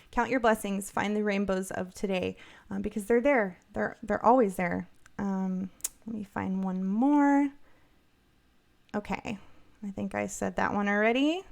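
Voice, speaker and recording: Chatty woman hosting a podcast. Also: medium pitch. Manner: chatty, upbeat, many fillers and restarts. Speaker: podcast co-host. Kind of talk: casual livestream chat.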